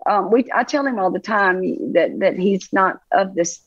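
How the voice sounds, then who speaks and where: A woman pastor with a Southern US accent, speaking in a relaxed, affectionate way during an interview. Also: medium pitch, no room sound, lo-fi sound. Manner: affectionate, unhurried with fillers. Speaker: pastor and guest. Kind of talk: casual interview chat.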